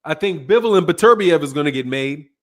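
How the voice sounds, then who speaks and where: A man's voice: fairly high pitch, lively intonation, a little fast, fairly bright tone. A middle-aged man hosting a boxing channel, chatting casually and a little tiredly, rambling with slang and self-corrections as he reads viewer comments. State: tired, yawning. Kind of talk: casual livestream chat reading viewer comments.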